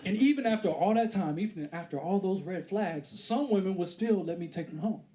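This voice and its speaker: A man in his thirties performing a stand-up comedy set on a theater stage, acting out scenes with put-on voices and loud exclamations. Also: high voice, fairly quick. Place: comedy theater stage before a live audience. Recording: live crowd laughter behind.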